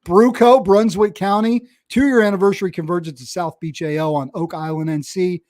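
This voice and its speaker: A man co-hosting a podcast in casual, bantering chat, reading out listener shout-outs. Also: high-pitched, steady tone, moderate pace, dry recording, clean studio sound. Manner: upbeat, bantering, reads listener names. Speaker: podcast co-host.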